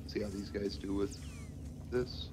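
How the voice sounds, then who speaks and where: A man's voice: on the low side, little pitch movement, unhurried. A man chatting hesitantly with many fillers while organizing a group in a gaming voice chat. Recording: noisy game voice chat.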